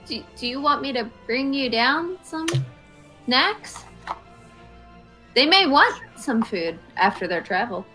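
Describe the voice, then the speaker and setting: A woman's voice: sits high, expressive, takes it slowly, pauses often, bright, forceful tone, soft background music. A woman playing in a tabletop game, talking in a cheerful, giggly way.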